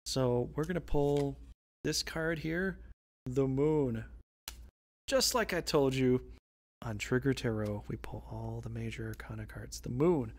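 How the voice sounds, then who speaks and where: Brief: an amateur tarot reader, casual and jokey, rambling off on silly tangents, mid pitch. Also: measured pace, darkish tone. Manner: playful, rambling, goofy tangents.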